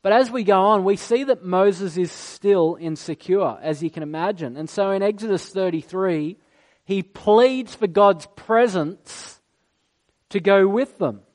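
A man delivers a sermon in a notably high voice. He tells the story with animation and slips into the voices of the figures he quotes. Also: a little slow. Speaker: preacher.

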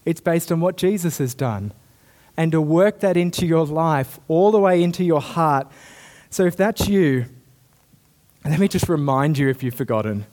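A young man delivers a sermon with a fairly high-pitched voice. He tells a story earnestly, then pushes up to emphatic, insistent peaks when he presses a point home. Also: darkish tone. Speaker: preacher.

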